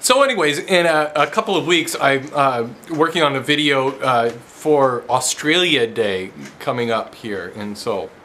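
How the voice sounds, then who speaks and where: A man's voice: medium pitch, animated, measured pace, few pauses, bright, forceful tone, slight background noise. Chatty laughing man in his shop. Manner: chatty and self-deprecating, laughs often mid-sentence. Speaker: woodworking show host. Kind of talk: casual chat to camera. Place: woodworking shop.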